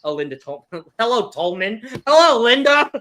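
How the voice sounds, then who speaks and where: Man, game show host, casual live-stream chat, giggly, very lively pitch. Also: slow. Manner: giggly, reads viewer chat aloud.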